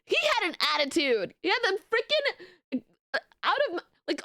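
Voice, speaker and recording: A young woman streamer chatting casually with her viewers, telling stories in animated, laughing rants. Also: very high voice, moderate pace, no room sound, clean studio sound. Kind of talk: casual live-stream chat.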